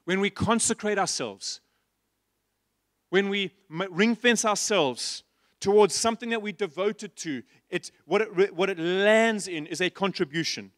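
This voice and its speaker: A man preaching a sermon as pastor, passionately asking the congregation repeated questions and dropping to quiet asides. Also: unhurried, no room sound, clean studio sound. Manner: shifts between loud emphasis and soft, low asides. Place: church stage.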